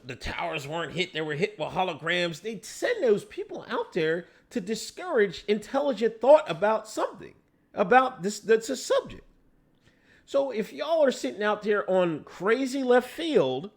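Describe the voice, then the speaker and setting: A man hosting a casual livestream, ranting and talking back to his chat with lots of profanity. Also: extremely high pitch. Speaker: livestream host.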